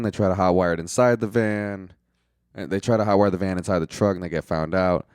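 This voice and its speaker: Young man, deep low voice, casual profane movie recap, lots of "like", dry close sound. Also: darkish tone, clear, resonant tone, no echo. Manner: loose and profane, heavy use of "like"; laughs at his own jokes. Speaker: movie reviewer.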